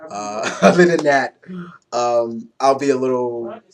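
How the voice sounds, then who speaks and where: A young man giving a casual, excitable comic book review, loose and swearing freely. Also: medium pitch, slow.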